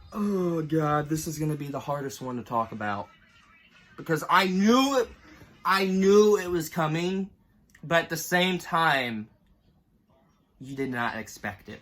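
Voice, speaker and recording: A man's voice: a little high, a bit bright. A man in his twenties talking through a ranked list in a casual vlog, rambling and emotional, fighting back tears now and then. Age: 20s. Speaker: YouTuber ranking cartoon moments.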